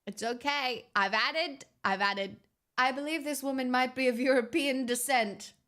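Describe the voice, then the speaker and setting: A woman's voice: high-pitched, unhurried, a bit bright. A young woman streaming, chatting casually with her viewers in a sarcastic, bantering way. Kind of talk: casual livestream chat.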